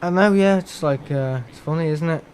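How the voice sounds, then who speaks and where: A man's voice: on the high side, moderate pace, darkish tone, a little hiss or hum. A man chatting bluntly on a live game stream, rambling, joking and swearing freely.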